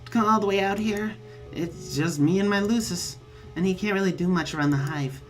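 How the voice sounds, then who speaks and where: A man's voice: high voice, fairly quick, soft background music, pitched above the performer's own voice, close to an everyday voice. A man putting on Zebed, a buzzy eager troll boy. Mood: dejected. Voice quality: buzzy accent. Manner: eager, apologetic, self-pitying. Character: lonely eager young male bee troll.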